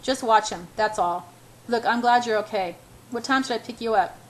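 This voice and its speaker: A woman's voice: on the high side, moderate pace, close to an everyday voice, poor audio. Woman reading a young male executive, possessive, stern, dry humor, audiobook. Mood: teasing. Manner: stern, then dry and teasing.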